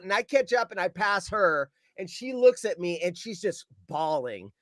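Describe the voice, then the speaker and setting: With big pitch swings and a fairly high, swooping voice, a man tells a story with lots of energy at a moderate pace. He acts out his own quoted lines, shouting them and swearing. The recording is dry and close with no echo.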